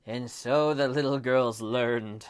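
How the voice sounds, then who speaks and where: A man telling his children a bedtime story, dropping to a hush and jumping up into shrieks. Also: mid-range voice, steady tone. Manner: slow, hushed, then shrieking kid voices. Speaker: storyteller dad.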